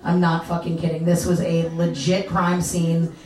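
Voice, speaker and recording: A woman telling a crude, self-mocking personal story live onstage, animated and laughing through her punchlines. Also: fairly low pitch, moderate pace, slight background noise. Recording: echoey live room, mic at a distance.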